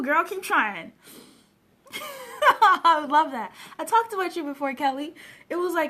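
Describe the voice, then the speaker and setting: A woman from Africa with a high, bright voice, talking earnestly and emotionally on a casual live stream. She coaches people on personal development and answers her viewers' comments straight to the camera, recorded at home on a webcam.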